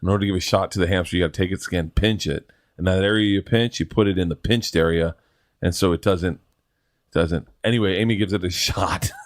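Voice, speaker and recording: Middle-aged male comic guest, low voice, rambling profane storyteller, dry studio sound. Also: fairly even intonation, a little fast, no echo. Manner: rambling, laughing, profane anecdotes. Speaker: guest comedian. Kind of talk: casual storytelling.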